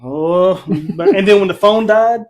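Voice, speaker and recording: A middle-aged man hosting a casual review chat, animated and quick to laugh as he retells scenes. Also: high-pitched, crowd noise. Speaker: reviewer, channel host.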